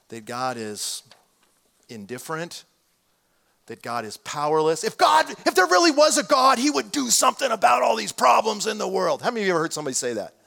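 A middle-aged man preaching a sermon as a pastor, swinging from hushed, low passages to loud exclamations.

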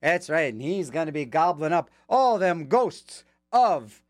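Rambling, lively-voiced radio DJ man. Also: fairly high pitch, unhurried, no room sound, clean studio sound. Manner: rambling, joking asides. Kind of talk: casual radio patter. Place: radio studio.

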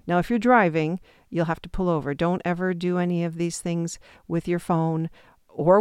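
A woman calmly and patiently leading a guided intuition exercise step by step, with the odd self-deprecating aside. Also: fairly low pitch, moderate pace, clear, resonant tone, no room sound, clean studio sound. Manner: calm, patient step-by-step instructions. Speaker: intuition teacher.

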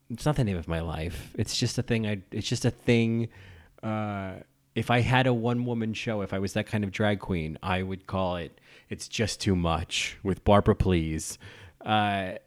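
A man hosting a podcast, giving casual film commentary in an effusive, rambling way with many restarts. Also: on the low side. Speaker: podcast host.

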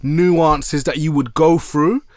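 Brief: podcast co-host, male, slangy and animated, fairly high voice, dry mic. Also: slow pace, no echo. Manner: slangy, animated, exclaims loudly when surprised. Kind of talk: casual chat about music.

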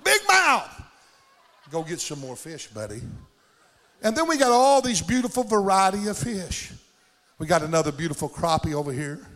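A man preaching an animated sermon, calling for amens and breaking into shouts of praise. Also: a little high, a little fast. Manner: exuberant, calls for amens, shouts bursts of praise. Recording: hall reverb.

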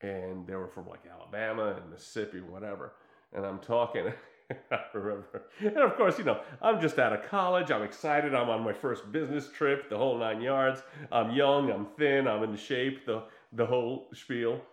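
Middle-aged man with Croatian as his first language, chatty and rambling, mid-range pitch, roomy echo on the recording. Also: normal speed. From United States and former Yugoslavia. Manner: animated, rambling storyteller with many fillers. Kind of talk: casual chat.

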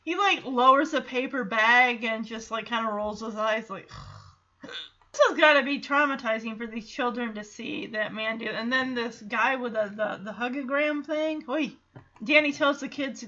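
A woman's voice: high voice, expressive, a little slow, sharp tone, muffled recording. A woman hosting a fan podcast, recapping a sitcom episode in a chatty, giggly way. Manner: chatty, giggly, quotes characters in little voices. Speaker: podcast host.

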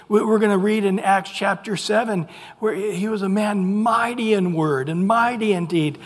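A pastor delivers a sermon in an animated, questioning style and often restarts phrases. The voice is husky and a little breathy. A long reverb trails each phrase, as in a large hall. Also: mid-range voice, normal speed, few pauses.

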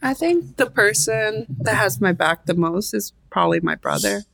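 A woman talks casually in an interview, filling her sentences with "like" and slipping into quoted voices of others. Her voice carries a gravelly fry, and the recording is dry and close. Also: mid-range voice, lively intonation, normal speed, a bit bright, dry recording. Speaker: artist guest.

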